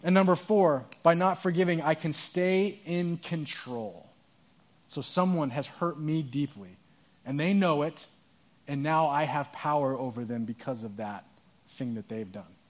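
A pastor preaching a sermon, telling a story in an earnest, conversational way. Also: male voice, on the high side, unhurried.

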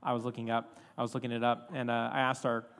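A young man telling a story in a casual, animated sermon, full of fillers and asides. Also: mid-range voice, fast talker. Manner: animated, chatty with many fillers. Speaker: preacher. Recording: reverberant hall.

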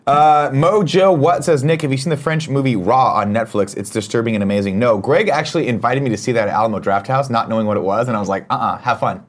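A man's voice: mid-range voice, quick pace, hardly any pauses. A man co-hosting a casual morning chat show, reading viewer comments and trading profane, joking banter with his co-hosts.

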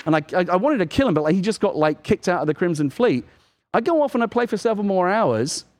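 A man co-hosting a video game podcast, telling animated stories in casual chat and acting out lines. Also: high-pitched, fast talker. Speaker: podcast co-host.

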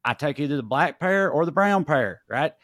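A man's voice: a little high, moderate pace, no echo, studio quality. A man co-hosting a podcast, telling a story in casual chat, cursing freely and acting out what people said. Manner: profane, animated storyteller acting out quotes. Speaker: podcast co-host.

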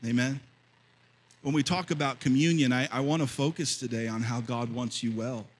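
A man in his fifties preaching a sermon as pastor, telling a story and then rising to loud, fervent preaching. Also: mid-range voice, fairly even intonation, normal speed, slightly rough, rough recording. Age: 50s.

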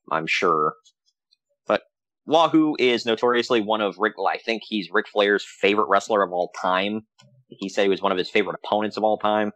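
A man co-hosting a podcast, telling stories in a casual, animated way with frequent laughs. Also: lowish voice, dry recording. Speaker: podcast co-host. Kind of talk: casual chat.

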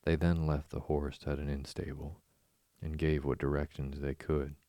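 A man reading a storybook aloud in a measured, even way. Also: very deep voice, no echo. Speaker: narrator.

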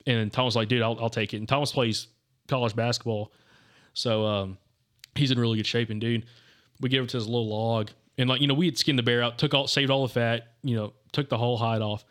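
A man's voice: medium pitch, steady tone, fairly quick, fairly bright tone. A young man hosting a podcast, telling a hunting story in loose, rambling casual chat full of "dude" and "like.". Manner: rambling, says "dude" and "like" constantly.

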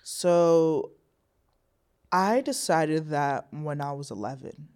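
A woman's voice: deep voice, slow, a little mellow, clear, resonant tone. A young woman speaking as a podcast guest in an earnest, reflective way, laughing easily. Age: young adult. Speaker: guest, psychology student. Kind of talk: casual podcast conversation.

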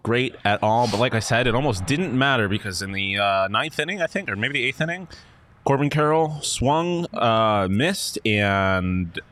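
A man's voice: medium pitch, lively intonation, moderate pace, fairly bright tone. A man co-hosting a sports podcast in casual chat, joking and self-deprecating. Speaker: podcast co-host.

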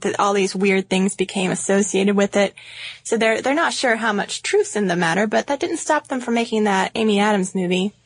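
A woman's voice: mid-range voice, dry recording. Chatty woman podcast co-host, dry sound. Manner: chatty, teasing. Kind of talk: casual podcast chat.

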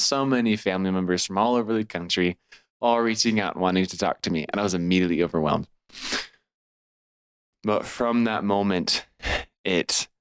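Earnest young man with a deep voice. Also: clear, resonant tone, no echo. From California, USA. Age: 20s. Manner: earnest and heartfelt, laughs at himself. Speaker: podcast guest. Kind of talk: personal storytelling.

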